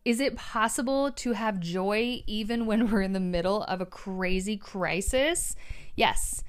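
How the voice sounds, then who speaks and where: A woman's voice: medium pitch, a little slow, clean tone. Upbeat woman giving a chatty pep talk. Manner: earnest and upbeat, chatty asides to the audience. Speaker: motivational speaker. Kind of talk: casual motivational talk to viewers.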